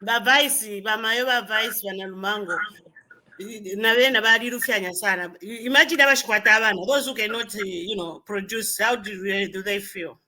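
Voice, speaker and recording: A Zambian woman on a podcast, delivering a rant in casual chat. Her voice is bright and forceful, with a middling pitch, and she slips local words into her English. She sounds earnest and in earnest disapproval. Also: fairly quick, low-quality recording. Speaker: podcast co-host.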